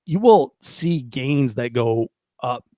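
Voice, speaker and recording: A man hosting a casual podcast interview, relaxed and chatty, reading out listener comments and asking long questions. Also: medium pitch, takes it slowly, dry recording. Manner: relaxed, chatty, reads live chat aloud. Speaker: podcast host.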